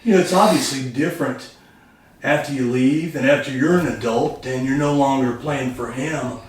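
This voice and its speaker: A man's voice: mid-range voice, normal speed. A man hosting a podcast, asking rambling questions with fillers in a casual interview. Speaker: podcast host. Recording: echoey room, distant from mic.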